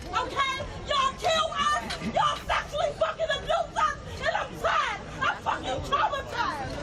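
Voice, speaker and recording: A very high-pitched woman shouts in a strained, raw voice, out on a street. She stands away from the mic, and a loud crowd and traffic noise press around her. The whole take sounds captured on the fly. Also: distant mic. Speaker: protester. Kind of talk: shouted protest speech. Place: outdoor street protest.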